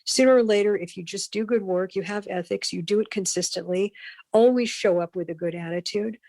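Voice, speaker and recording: A middle-aged woman, a broadcast consultant, telling animated career anecdotes as a podcast guest and acting out the voices of people she quotes. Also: mid-range voice, brisk, no echo. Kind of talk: storytelling in a podcast interview.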